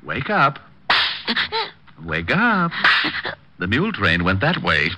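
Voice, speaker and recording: An actor playing a wisecracking male private detective in a 1940s radio drama, breezy and quick with a comeback. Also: fairly low pitch, huge pitch swings, heavy background noise, full character voice. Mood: wry. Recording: muffled old radio broadcast.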